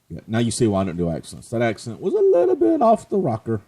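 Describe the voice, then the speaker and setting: A man's voice: medium pitch, wildly swooping pitch, quick pace, few pauses, warm tone, husky. A man hosting a let's play, chatting casually and joking at his own expense as he plays. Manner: chatty, joking, self-mocking. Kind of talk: casual gameplay commentary.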